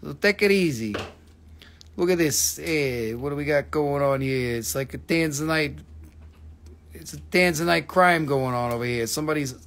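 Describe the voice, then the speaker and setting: A man runs a live-stream sale with joking, profane patter. His voice sits a little high for a man, and he keeps up a quick, loose banter as he calls out the items. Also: a bit bright. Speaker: host selling crystals. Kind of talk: live-stream sales chat.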